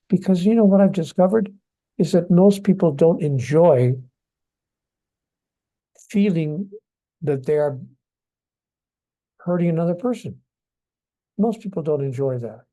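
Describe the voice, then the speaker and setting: An older man speaks softly and gently in an interview, taking his time over each thought. His voice is mellow and warm, sitting a little high for a man. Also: expressive. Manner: gentle, soft-spoken, unhurried. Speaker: guest author. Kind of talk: interview conversation.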